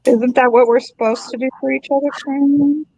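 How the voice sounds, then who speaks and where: A woman's voice: high voice, fairly even intonation, brisk, warm tone, slight background noise, rough recording. A woman hosting a craft livestream, chatting casually and musing aloud as she works. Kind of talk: casual chat while crafting.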